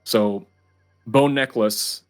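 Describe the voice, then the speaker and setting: A man's voice: on the low side, extremely slow, faint music behind. A man narrating as game master of a tabletop game, chatty and loose with fillers.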